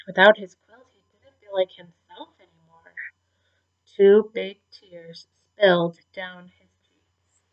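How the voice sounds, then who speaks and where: A woman teacher reads a storybook aloud to young children with an expressive, gentle delivery. Her voice sits at a middle pitch. The recording is muffled and lo-fi. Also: slow pace. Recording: dull lo-fi recording.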